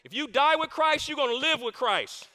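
A man preaching a sermon as a campus pastor, animated and repeating his key lines for emphasis. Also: very high-pitched, moderate pace. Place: church stage. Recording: long hall reverb in a church.

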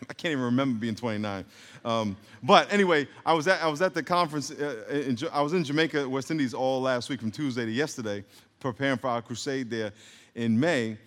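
A man's voice: medium pitch, fairly quick, a bit bright. A man preaching a sermon, leading the congregation in call-and-response and adding humorous asides. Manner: call-and-response, having the congregation repeat words. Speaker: pastor. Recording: long hall reverb.

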